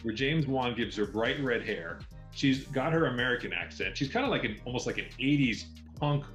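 A man's voice: mid-range voice, animated, normal speed, a bit bright, roomy sound, soft background music. A man co-hosting a film podcast, giving long, enthusiastic explanations in casual chat.

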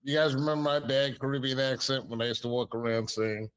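A man's voice: mid-range voice, level tone, a little fast, a bit bright, clean tone. A man hosting a podcast, joking and teasing his co-hosts in casual chat. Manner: playful, teasing. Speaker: podcast host.

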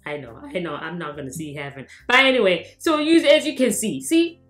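A woman's voice: on the low side, animated, brisk, a bit bright, echoey room, soft background music. A South African woman vlogging in casual commentary, mocking and laughing often as she switches between English and local languages.

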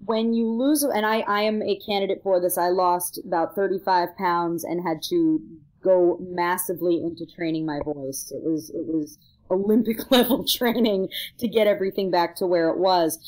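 Animated woman vocal coach explaining. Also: mid-range voice, normal speed, poor audio. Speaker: opera singer and vocal coach. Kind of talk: casual podcast chat.

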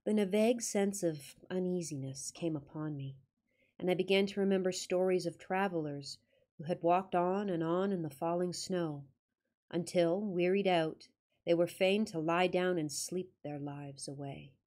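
A woman's voice: on the low side, moderate pace, darkish tone. A woman narrating a classic ghost story with dramatic reading and wry, joking asides.

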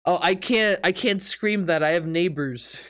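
A man's voice: high voice, unhurried, fairly bright tone. A man streaming live from his apartment, chatting casually with viewers, laughing often and reacting in disbelief while teasing his chat.

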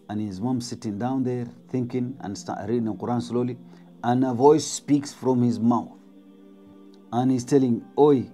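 A man with a mellow, medium-pitched voice tells a spooky story dramatically, repeating words and dropping to whispers.

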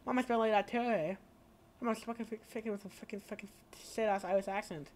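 A woman's voice: medium pitch, steady tone, quick pace, a little hiss or hum. A woman with a lisp doing rambling, profane let's play commentary, often yelping and shrieking. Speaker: gaming video creator.

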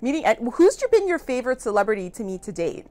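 A woman's voice: fairly high pitch, very animated, fast, a little mellow, soft background music. A woman from Canada hosting an interview, upbeat and responsive, with frequent affirmations. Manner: enthusiastic, with frequent laughs and affirmations. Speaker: talk show host. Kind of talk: interview chat.

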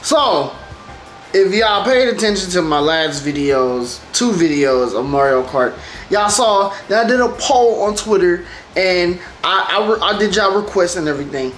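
A woman streamer giving casual, animated commentary over gameplay, talking straight to her viewers. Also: lowish voice, a little slow. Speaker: gaming streamer. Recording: roomy echo with faint background music.

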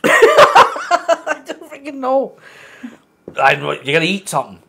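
Giggly man with a lively voice. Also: very high-pitched, slow pace, gravelly, husky. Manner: giggly, laughs through his lines. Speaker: co-host. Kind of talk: casual joke-game chat.

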